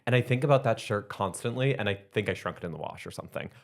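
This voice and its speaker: A man from Canada co-hosting a podcast, chatting casually and gushing with quick asides. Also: fairly low pitch, animated, creaky. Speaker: podcast co-host. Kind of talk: casual chat.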